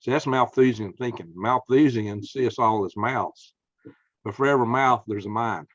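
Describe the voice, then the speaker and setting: A man's voice: mid-range voice, normal speed, no echo. Southern guy hosting a chat, folksy and emphatic, dry dull audio. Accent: Southern American. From Southern United States. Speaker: podcast host. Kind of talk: casual conversation.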